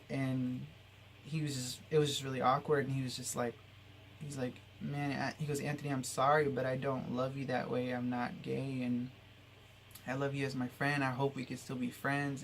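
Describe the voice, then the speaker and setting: Young man, personal vlog storyteller; flat, creaky delivery, rambling and heartfelt, low noise floor. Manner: rambling, heartfelt, many fillers. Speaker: vlogger.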